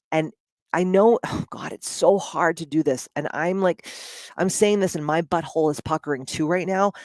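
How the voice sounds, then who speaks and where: A woman's voice: deep voice, no room sound. A woman speaking in a casual, blunt monologue, with frequent swearing and lots of "like".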